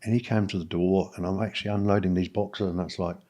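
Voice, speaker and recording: A middle-aged New Zealand man speaks in a low, husky voice. He tells his own story candidly and haltingly, with many "um"s and restarts along the way. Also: fairly even intonation, dark tone. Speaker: podcast guest.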